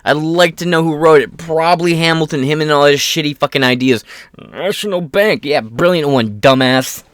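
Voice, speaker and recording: A man's voice: on the high side, normal speed, a bit bright, dry recording, clean studio sound. A man giving a profane, mocking political rant, swearing constantly and sneering at his opponents. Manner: reads quotes aloud, mocks opponents in put-on voices. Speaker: political commentary host. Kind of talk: profane ranting commentary.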